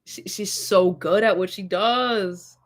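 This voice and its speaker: A woman's voice: medium pitch, slow pace. A young woman vlogger chatting casually about songs that move her, rambling with lots of fillers and laughing asides. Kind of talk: casual chat about music.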